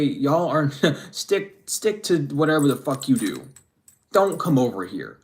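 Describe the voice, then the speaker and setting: A man's voice: fairly high pitch, a little mellow. A man delivers a casual spiritual reading in an unscripted monologue. He talks bluntly, swears often and rambles, restarting his sentences as he goes. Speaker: spiritual reader.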